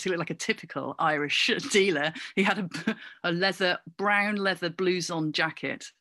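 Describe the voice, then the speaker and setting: A woman from Cornwall, an actor and comedian, chatting as an interview guest with animated, anecdotal storytelling. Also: lowish voice, normal speed, no echo, studio quality. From Cornwall, England. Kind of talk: casual interview chat.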